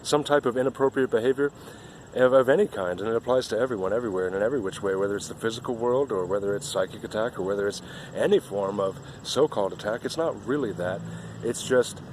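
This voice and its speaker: A man's voice: on the low side, quick pace, a little mellow, slight background noise. A man giving an earnest, rambling spiritual monologue outdoors, often repeating himself.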